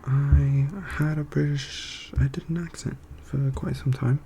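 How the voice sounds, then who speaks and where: A young man rambles in soft-spoken ASMR, meandering and full of fillers. His voice is very dark and gravelly. There is a faint hiss behind him. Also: mid-range voice, level tone, a little slow. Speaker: ASMR creator.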